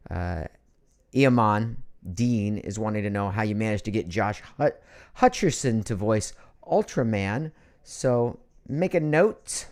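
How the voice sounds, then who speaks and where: Animated middle-aged man, casual livestream host, jokey, mock-outraged bits, home studio. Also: medium pitch. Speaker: host of a live online show.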